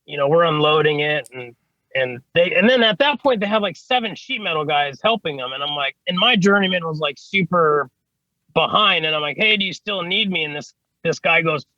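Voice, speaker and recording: Bright, high-ish tradesman rambling through stories. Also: lively intonation, brisk, no room sound, dull audio. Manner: rambling, fills with "you know what I mean", swears casually. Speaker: HVAC service technician, podcast guest. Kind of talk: casual storytelling interview.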